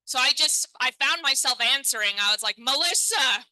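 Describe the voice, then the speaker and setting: Bright-voiced woman doing stand-up. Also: high-pitched, brisk, no room sound, rough recording. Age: 30s. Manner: self-deprecating, chatty, addresses the crowd. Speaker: stand-up comedian. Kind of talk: stand-up comedy set. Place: comedy stage.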